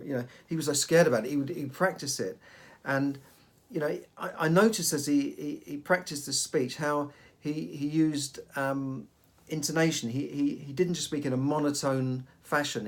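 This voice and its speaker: A middle-aged man, hosting a podcast and giving casual advice, often repeating and restarting his words. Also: mid-range voice. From United Kingdom. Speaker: podcast host.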